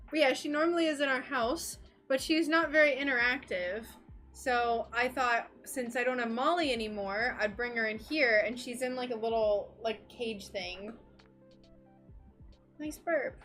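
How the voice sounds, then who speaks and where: A woman's voice: a little high, steady tone, normal speed, fairly bright tone, soft background music. A young woman streaming from her craft workspace, chatting casually and cooing fondly at her dog. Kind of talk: casual live-stream chat.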